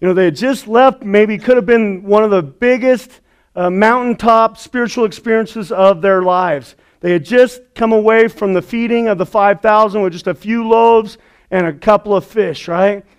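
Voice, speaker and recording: A man preaching a lively, conversational sermon, often checking in with the congregation. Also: high voice, moderate pace, clean tone. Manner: energetic, conversational preaching with frequent "right?" asides. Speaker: pastor.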